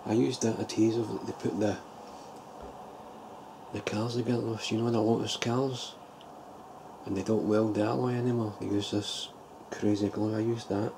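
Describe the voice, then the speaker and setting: A lower-pitched man talks through his hobby model build in a loose, rambling way, circling back and correcting himself as he goes. A steady wash of background noise sits clearly under his voice. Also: moderate pace. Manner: rambling, thinking aloud with restarts. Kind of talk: casual show-and-tell vlog.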